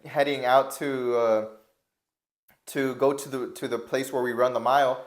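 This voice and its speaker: A young man casually telling a profane, rambling story, full of "like" fillers and loud acted-out quotes. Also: mid-range voice, steady tone, normal speed. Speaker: army recruit telling a story. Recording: echoey room sound.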